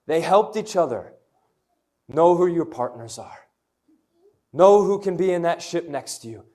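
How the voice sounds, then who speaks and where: A young man preaches an energetic sermon to young people with a slightly high voice. He tells personal stories and calls on the room to answer him. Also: measured pace. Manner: energetic, storytelling, call-and-response. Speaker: youth pastor.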